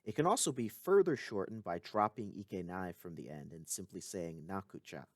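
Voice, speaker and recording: A man giving a recorded language lesson, explaining clearly with occasional casual asides. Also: sits low, lively intonation, normal speed, dry recording. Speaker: language teacher.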